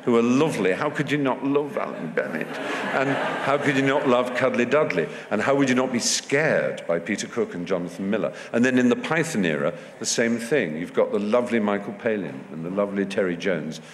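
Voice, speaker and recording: Low-voiced man, wry festival guest. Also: animated, fairly quick, hardly any pauses. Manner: discursive and wry, frequent restarts. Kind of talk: onstage festival conversation. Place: festival stage before an audience. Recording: long hall reverb, faint background noise.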